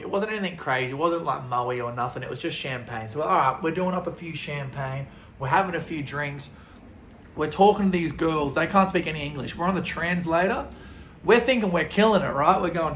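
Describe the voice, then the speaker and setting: A young Australian man telling a story in a casual, comedic way. His delivery is animated and crude, with frequent laughter. His voice sits fairly high and has a roomy echo. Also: normal speed. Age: young adult.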